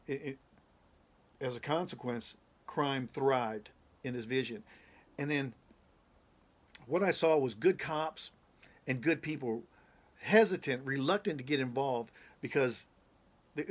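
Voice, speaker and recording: Emphatic male pastor recounting a dream. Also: mid-range voice. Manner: emphatic, repetitive, building intensity. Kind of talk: preaching testimony of a prophetic dream.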